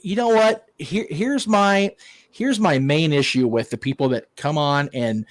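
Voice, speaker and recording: A man's voice: a little high, animated, a little slow, no echo, rough recording. A man hosting a wrestling watch-along, ranting casually with profanity and stammered restarts. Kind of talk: casual online chat.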